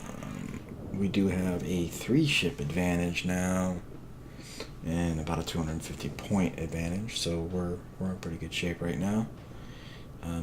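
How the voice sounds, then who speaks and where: A very deep-voiced man talks through a replay of his match in a relaxed, halting way, often pausing on "uh" and "um". He sounds a little tired. A steady hiss of noise sits under his voice. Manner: relaxed, hesitant, many fillers. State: tired, yawning. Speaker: gameplay commentator. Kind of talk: game replay commentary.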